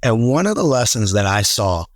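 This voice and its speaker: A man in a casual podcast conversation, telling stories with animated quoted voices. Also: on the low side, normal speed, no echo, clean studio sound. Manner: animated storyteller, acts out quotes. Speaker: real estate team leader, podcast guest.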